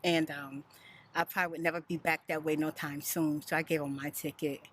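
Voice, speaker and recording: Middle-aged woman, soft-spoken, rambling storytime, slightly low voice, faint background noise. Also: fairly quick. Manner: rambling, chatty, animated storytelling. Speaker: vlogger.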